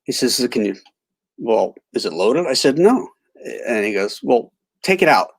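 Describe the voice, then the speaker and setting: A man's voice: medium pitch, expressive. Rambling middle-aged man telling stories. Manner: rambling, halting restarts, laughs easily. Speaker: livestream host. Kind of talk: casual storytelling and chat.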